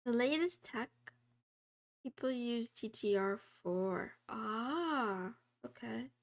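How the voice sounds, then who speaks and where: High-pitched giggly woman streamer. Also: lively intonation, takes it slowly. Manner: giggly, self-deprecating, playfully meows. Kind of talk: casual livestream chat, reading chat aloud.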